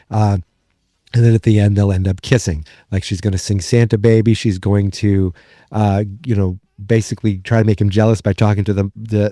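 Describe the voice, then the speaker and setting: A lower-pitched man with a New England accent chats through a sitcom plot for his podcast, darting between thoughts and restarting sentences. His voice is mellow and relaxed, recorded dry and close with almost no room sound. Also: dry recording. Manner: rambling, excitable, lots of fillers and restarts. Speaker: podcast host. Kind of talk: casual episode recap.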